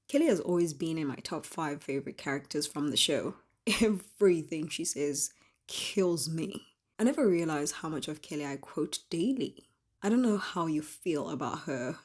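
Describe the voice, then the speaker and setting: Husky-voiced woman chatting casually. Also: on the low side, a little mellow. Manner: chatty and playful, laughs often. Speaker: YouTube host. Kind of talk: casual reading of viewer comments.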